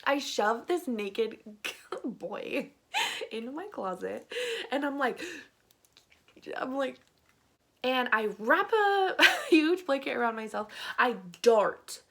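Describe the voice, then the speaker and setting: A woman's voice: high voice, lively intonation, takes it slowly, vocal fry, a bit bright. A young adult woman telling a story on her vlog in a chatty, filler-heavy way, often breaking into laughter. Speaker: vlogger.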